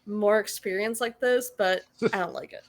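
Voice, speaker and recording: A woman's voice: mid-range voice, steady tone, moderate pace, a little hiss or hum. A woman playing a tabletop game, wary and teasing, often cutting in. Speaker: player. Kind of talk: tabletop role-play, in and out of character.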